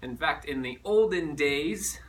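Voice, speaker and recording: A man teaching a recorded music lesson to children, animated and playful as he demonstrates. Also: fairly high pitch, a little slow, recorded from a distance.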